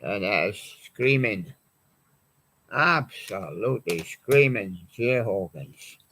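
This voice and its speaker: A man's voice: fairly low pitch, expressive, takes it slowly, bright, forceful tone, slight background noise. A man hosting a live music show, chatting in a rambling way and reading out song titles from his records. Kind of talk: live-stream chat presenting records.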